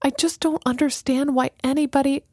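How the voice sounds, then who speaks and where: A woman's voice: high voice, steady tone, a little fast, dark tone, no room sound, clean studio sound, pitched above the performer's own voice. A woman voicing an upset young woman who questions and protests in a raised, agitated voice. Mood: upset, indignant.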